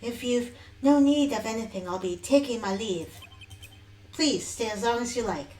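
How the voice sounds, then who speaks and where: A woman's voice: mid-range voice, expressive, takes it slowly, distant mic. A woman voicing an overly polite young male hotel bellboy in a live fan dub of a game, speaking stiffly and stumbling over her words. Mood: formal. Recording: roomy, off-mic, faint music behind.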